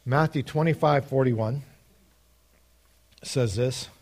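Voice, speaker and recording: A man preaching a sermon, arguing step by step and quoting scripture, swinging between quiet asides and loud emphatic points. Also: medium pitch, takes it slowly. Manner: argues step by step, quotes scripture.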